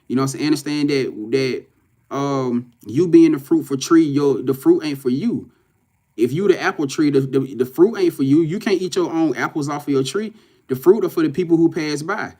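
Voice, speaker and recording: Casual swearing livestream spiritual reader. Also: male voice, a little high, a little mellow. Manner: loose, preachy, swears and says "you know what I'm saying" often. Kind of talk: casual livestream talk to viewers. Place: in front of a camera at home.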